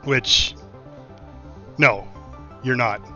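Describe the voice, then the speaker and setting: Bright-voiced man narrating gameplay. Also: medium pitch, very slow. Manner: chatty, thinking aloud with many fillers. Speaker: gameplay streamer. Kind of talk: casual gameplay commentary. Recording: slightly dull lo-fi mic with faint music.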